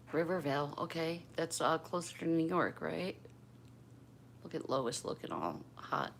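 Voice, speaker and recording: A woman's voice: low-pitched, lively intonation, slow, vocal fry, pauses often, a little hiss or hum. An older woman from Pennsylvania hosting a casual livestream at home, chatting with viewers by name and keeping her voice down. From Bristol, Pennsylvania. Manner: keeps her voice down. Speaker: livestream host. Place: home room.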